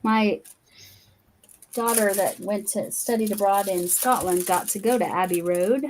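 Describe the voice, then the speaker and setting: A woman from Colorado chats casually while she crafts on a livestream. Her mid-pitched voice sounds friendly and curious as she wonders aloud about words and places. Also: fairly even intonation, a little slow, a little mellow, a little hiss or hum. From Colorado, USA. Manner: chatty and curious, musing aloud. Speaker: host.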